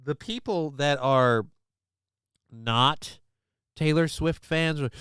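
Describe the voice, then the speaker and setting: A male host rambles through casual commentary, swearing and trailing off with fillers. His voice is bright and smooth. The sound is dry and close. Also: on the high side, slow, long pauses, no echo. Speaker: show host.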